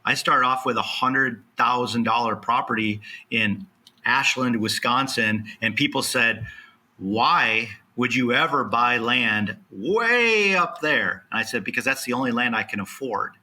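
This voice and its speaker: A man's voice: mid-range voice, expressive, unhurried, bright, forceful tone. A man on a podcast as a land specialist guest, speaking emphatically and motivationally, acting out bits of dialogue as he explains. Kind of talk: podcast interview.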